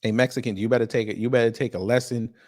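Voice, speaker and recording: Profane, animated commentary man. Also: mid-range voice, fast. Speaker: host. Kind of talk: casual commentary.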